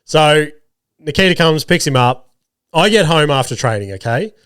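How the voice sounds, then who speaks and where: A man's voice: a little high, lively intonation, normal speed, a bit bright, clean tone, no echo, clean studio sound. A man in his thirties with an Australian accent, hosting a podcast while sick, telling stories in a sweary, self-deprecating way. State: sick, voice rough. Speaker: podcast host. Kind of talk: casual storytelling monologue.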